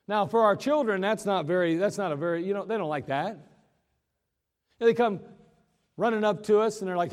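Male pastor, high voice, folksy sermon delivery with emphatic slowdowns, reverberant hall.

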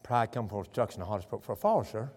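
A male pastor preaching a sermon, telling a scripture story in a lively way and reading verses aloud. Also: lowish voice, racing. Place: church sanctuary. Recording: long church hall reverb.

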